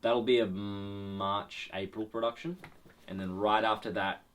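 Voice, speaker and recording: A young man co-hosting a podcast in casual chat, rambling with restarts and swearing freely, his voice a little low and groggy in the morning. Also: steady tone, a little slow, slight background noise. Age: young adult. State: morning voice, a bit lower than usual. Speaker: podcast co-host.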